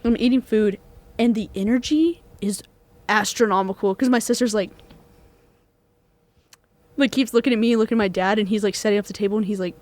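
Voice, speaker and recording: Speaking fairly quickly in a mid-range voice and pausing often, this young adult Texan shares a ghost story on the student podcast she co-hosts. It's a casual, animated telling packed with fillers, with quoted voices acted out.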